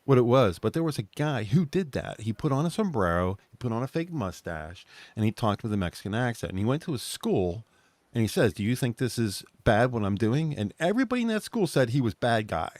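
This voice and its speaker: A man's voice: mid-range voice, very animated, fairly quick, darkish tone, dry recording. A man co-hosting a podcast, talking casually and wryly. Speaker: podcast co-host. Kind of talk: casual chat.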